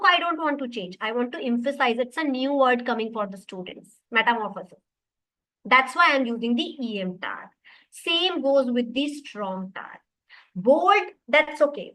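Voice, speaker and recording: A woman teaches an online coding class through a computer mic. Her voice sits high and sounds bright and forward. She explains carefully, restating each point to her students. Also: poor audio. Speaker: web development teacher.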